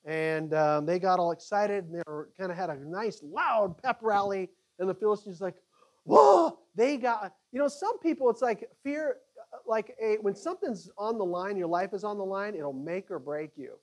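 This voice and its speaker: A man teaching a Bible study to a group, animated and conversational, with frequent halting restarts. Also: sits high.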